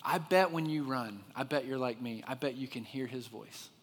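A man preaching a sermon, telling the story with lively expression and dropping to a hushed voice for the quiet parts. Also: mid-range voice, moderate pace, in a large hall, a little hiss or hum. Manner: expressive storyteller, drops to a soft hush for quiet moments. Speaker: pastor.

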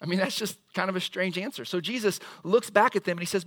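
A male pastor preaching a sermon in a lively, conversational, storytelling way. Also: high voice, fast, hardly any pauses, dry recording, clean studio sound.

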